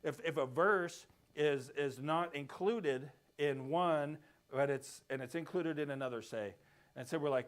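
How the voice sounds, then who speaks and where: Man, Bible class teacher, slightly high voice, casual explainer who keeps checking the class follows. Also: measured pace. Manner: explains step by step, often checks in with "right?". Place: church classroom.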